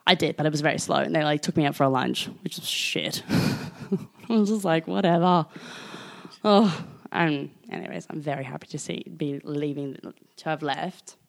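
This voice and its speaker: Podcast co-host: young woman, low voice, lively storyteller who swears. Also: moderate pace, vocal fry. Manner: animated storytelling, acts out quotes, swears freely. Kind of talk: casual chat.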